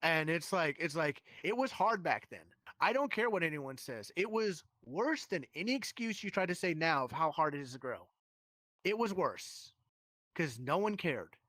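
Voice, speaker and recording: Bright-voiced man ranting about streaming. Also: on the high side, very animated, moderate pace, no echo. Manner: rambling and heated, with many restarts. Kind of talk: casual chat on a live stream.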